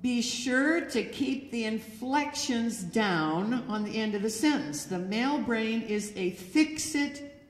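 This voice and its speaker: A woman lecturer giving direct, instructive advice to an audience through a microphone. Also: medium pitch. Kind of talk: presentation to an audience. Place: church hall. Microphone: handheld or stand microphone. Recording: echoey hall with long reverb.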